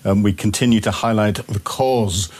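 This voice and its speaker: A man from Northern Ireland with a Northern Irish accent, a studio guest speaking haltingly with restarts on a talk radio show. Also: lowish voice, fairly even intonation. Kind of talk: conversational talk radio discussion.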